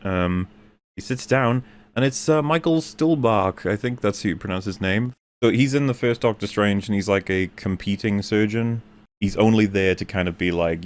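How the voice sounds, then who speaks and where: A man with a lowish voice talks through a film plot in a casual chat. He hesitates often, stacking ums and uhs and restarting his sentences. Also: normal speed. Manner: hesitant, many fillers and restarts. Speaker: stream panelist reviewing a film.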